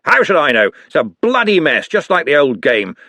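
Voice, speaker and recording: A man voicing a gruff elderly male wizard head with loud, indignant outbursts, in an audiobook reading. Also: on the high side, sing-song, moderate pace, no echo, pitched above the performer's own voice, full character voice.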